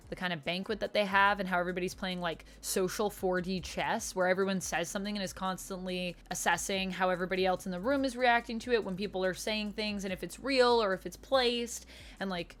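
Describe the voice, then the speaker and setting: In a book review vlog, a woman with a medium-pitched, slightly bright voice shares her thoughts casually and enthusiastically. She's chatty and fills her speech with lots of "like."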